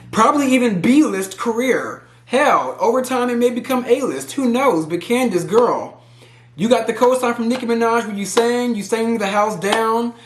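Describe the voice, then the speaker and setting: A man from Houston giving animated, opinionated reality TV commentary, talking straight to the viewer in a casual vlog. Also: sits high, echoey room. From Houston, Texas. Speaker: pop culture vlogger.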